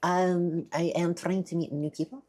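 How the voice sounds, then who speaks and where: Low, gravelly-voiced shy woman streamer. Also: fairly even intonation, moderate pace. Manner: soft-spoken, shy, stammering. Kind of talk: casual live-stream chat with viewers.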